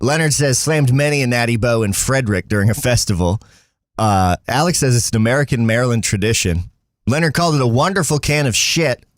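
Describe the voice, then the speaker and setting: A man's voice: mid-range voice, lively intonation, fairly quick, dry recording, studio quality. A man co-hosting a casual livestream chat, joking, laughing and reading viewer comments aloud. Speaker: co-host.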